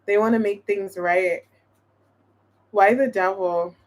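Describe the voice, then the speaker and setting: A woman's voice: mid-range voice, fairly even intonation, slow pace. A woman giving a casual tarot reading to her viewers, thinking aloud in a chatty way with lots of restarts. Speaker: tarot reader.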